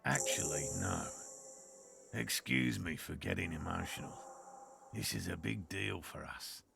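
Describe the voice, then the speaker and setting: A man's voice: sits low, a little slow, full character voice. An actor playing an earnest, eccentric male cryptozoologist in a game, who speaks formally and a little wryly. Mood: grateful. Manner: formal, gravelly, wry. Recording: game audio with music behind.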